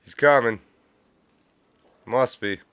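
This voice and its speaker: Man, live stream host, profane ranting commentary, smooth resonant voice, dry close sound. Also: medium pitch, slow pace, fairly bright tone, no room sound. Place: home studio with a cat nearby. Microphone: studio mic with pop filter.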